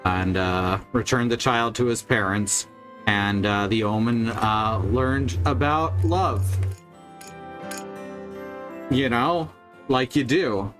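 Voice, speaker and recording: A man streaming a game who rambles along in a casual, wry way and swears freely. His pitch sits in the middle range for a man. Faint music plays behind him. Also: takes it slowly, long pauses, a bit bright. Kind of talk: casual gameplay chat.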